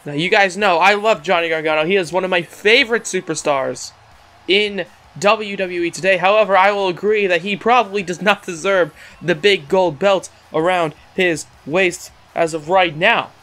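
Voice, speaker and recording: High, bright-voiced excitable game commentator. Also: male voice, normal speed. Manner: excitable, stumbles and repeats words. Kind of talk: casual play-by-play commentary.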